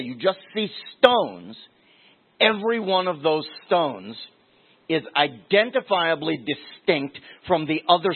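A man with a fairly high voice preaches a sermon in a loose, conversational way, circling back and repeating his key phrases to drive them home. The sound is thin and tinny, as if it came through a phone line.

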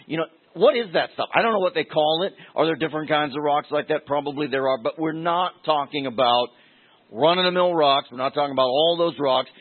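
A man with a fairly high voice preaches a sermon in a loose, conversational way, circling back and repeating his key phrases to drive them home. The sound is thin and tinny, as if it came through a phone line. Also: fairly quick.

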